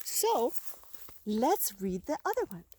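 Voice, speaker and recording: An older woman reading picture books aloud to a child outdoors, gentle and expressive, with gasps and questions for the listener. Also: a little high, takes it slowly, a little hiss or hum. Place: outdoors by woods.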